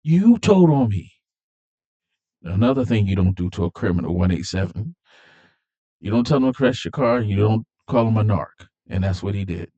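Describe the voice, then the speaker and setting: Male, low mellow voice, casual storyteller who jumps up in pitch to act out characters' quotes. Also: fairly quick. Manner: animated, acts out characters' lines in raised voices. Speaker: movie commentator. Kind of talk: casual movie retelling.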